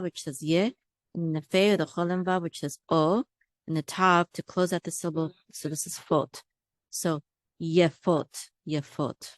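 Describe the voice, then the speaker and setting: A woman with a notably low voice walks through a language lesson, patiently sounding out each syllable and repeating it. The recording is dry and close, with no room sound around her. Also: no room sound. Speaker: Hebrew teacher. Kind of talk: word-by-word reading lesson.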